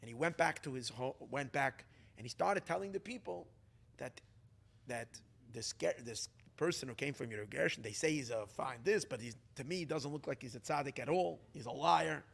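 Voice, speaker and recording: A man, a rabbi, telling a story to a gathering in an animated way, restarting often and mixing in Hebrew and Yiddish terms. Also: medium pitch, moderate pace, gravelly.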